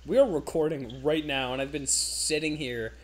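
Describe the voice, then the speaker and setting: Teasing young man with a higher voice. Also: normal speed. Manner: teasing, offhand and sarcastic. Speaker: co-host. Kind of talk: casual gaming podcast chat.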